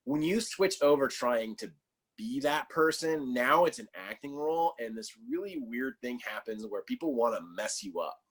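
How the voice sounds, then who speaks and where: A man's voice: mid-range voice, expressive, moderate pace. A man talking as a guest on a casual podcast, telling stories loosely with lots of fillers and a sarcastic sense of humor. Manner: loose storytelling full of fillers.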